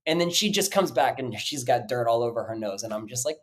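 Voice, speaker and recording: A man hosting a casual podcast about dog training, telling rambling, animated stories full of "like" and the odd swear word. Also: mid-range voice, a little fast.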